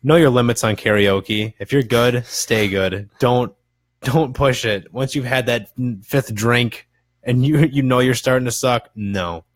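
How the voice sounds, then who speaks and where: A man's voice: medium pitch, a little slow, no room sound. A man in his twenties, a podcast co-host chatting casually, rambling through stories, swearing freely and laughing at himself. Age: 20s. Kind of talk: casual chat.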